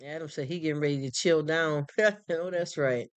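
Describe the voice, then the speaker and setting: A live streamer in casual chat who talks in a warm, rambling, heartfelt way with many restarts. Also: mid-range voice, moderate pace, clear, resonant tone, no room sound. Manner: greets chat viewers by name and thanks them. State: choked up, near tears.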